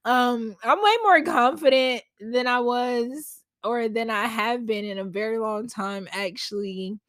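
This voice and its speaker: Slow-talking woman podcast host. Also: a little high, a bit bright, dry recording. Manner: chatty and slangy, talks straight to listeners. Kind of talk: casual solo podcast chat. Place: at home. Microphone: podcast mic at a laptop.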